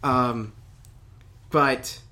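A man's voice: medium pitch, fairly even intonation, drawn-out words, bright, forceful tone. A man co-hosting a casual chat, hesitant, with many fillers and restarts. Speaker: podcast co-host.

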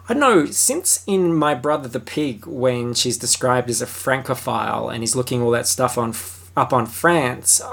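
A man giving a casual, sarcastic and jokey film review, animated and chatty. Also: mid-range voice, vocal fry, breathy edge.

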